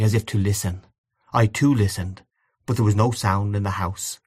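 A man narrating a literary short story as an audiobook, in a measured, storytelling manner. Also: fairly low pitch.

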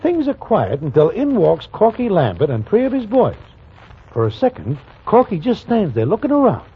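A man's voice: high voice, wildly swooping pitch, normal speed, breathy edge, full character voice. An actor playing a streetwise male narrator of a 1940s radio drama, in slangy present-tense storytelling. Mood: wry. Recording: lo-fi old radio broadcast with music.

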